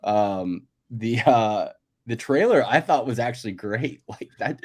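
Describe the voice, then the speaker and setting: A man co-hosting a movie podcast in casual chat, talkative and quick to laugh. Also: mid-range voice, animated, a little mellow, slightly rough. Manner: chatty, laughs easily, many "like" fillers. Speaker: podcast co-host.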